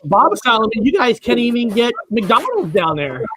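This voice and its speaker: A man's voice: very high voice, wildly swooping pitch, moderate pace, fairly bright tone, husky, dry recording. A man from Washington state hosting a casual interview over a video call, talking loosely with lots of ums and uhs. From United States, Washington state. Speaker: online show host.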